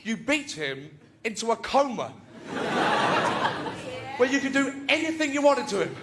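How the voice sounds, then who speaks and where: A man doing animated stand-up storytelling on a stage mic. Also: extremely high pitch, measured pace, background noise. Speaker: stand-up comedian. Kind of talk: stand-up comedy set. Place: comedy stage. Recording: live show with loud laughing crowd.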